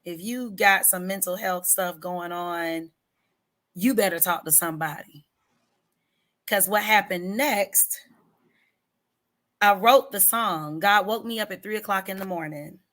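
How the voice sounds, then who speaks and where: A woman's voice: mid-range voice, measured pace, long pauses, a bit bright. A woman, a singer-songwriter, telling a personal story in an interview in an earnest, emphatic way, stretching words to stress them. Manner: candid about hard personal struggles.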